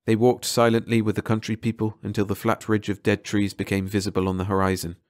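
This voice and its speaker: A man narrating an audiobook in calm, measured scripted narration. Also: lowish voice, no echo, clean studio sound.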